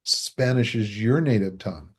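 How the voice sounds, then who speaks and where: A man speaking as a guest author in a podcast interview, animated, acting out what people say and chuckling between points. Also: fairly low pitch, normal speed, slightly rough. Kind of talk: conversational interview.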